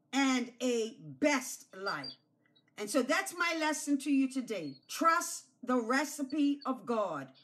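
Woman pastor, high bright voice, unhurried children's lesson with lots of repetition. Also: a little hiss or hum. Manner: slow, emphatic, repeats key phrases; coaxes children to repeat after her.

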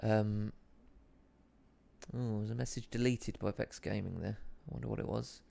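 A man's voice: fairly low pitch, steady tone, normal speed, creaky, warm tone. A man in his thirties with an Essex accent, casually chatting while streaming a game, reading viewer comments aloud, swearing and mocking his own play. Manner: reads chat aloud while playing, swears, self-deprecating. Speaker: live streamer. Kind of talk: casual gaming stream chat.

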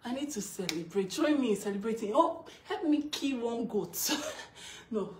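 A woman recording an emotional celebratory vlog at home, chanting, laughing and talking fast between cries of joy. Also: fairly high pitch, very animated, a little mellow, slight background noise. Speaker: vlogger. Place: her home, indoors. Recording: roomy, distant from the mic.

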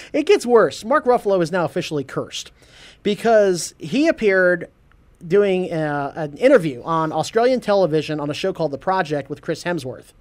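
Man, podcast host, high voice, animated, laughs a lot, casual news chat. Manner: animated, laughs often, stumbles over words.

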